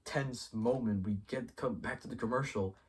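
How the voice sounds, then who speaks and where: Husky-voiced man excitedly reviewing a show. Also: mid-range voice, moderate pace, distant mic. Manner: excitable and profane, acts out characters' lines mid-sentence; rambling, thinks aloud with many restarts. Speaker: YouTube show host reviewing a TV episode. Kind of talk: casual spoiler review talk.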